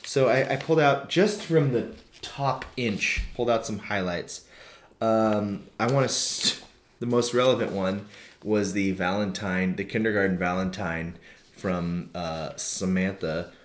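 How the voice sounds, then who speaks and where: A man's voice: on the low side, a little slow. A young man hosting a podcast, chatting casually and joking, often laughing. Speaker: podcast host. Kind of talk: casual chat.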